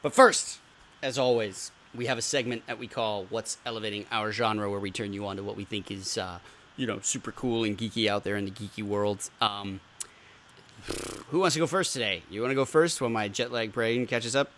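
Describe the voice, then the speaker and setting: A jet-lagged man co-hosting a podcast in a casual, rambling way, joking as he goes and filling the gaps with ums. His voice sits a bit low but sounds bright and forceful. A faint hiss runs underneath. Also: steady tone, brisk. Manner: joking, rambling, many fillers. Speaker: podcast co-host.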